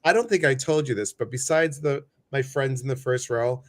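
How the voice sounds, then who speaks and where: Playful man hosting a live stream. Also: normal speed. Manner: playful, jokey, swings his voice up high. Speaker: host of a live show. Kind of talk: casual live-stream chat, greeting viewers.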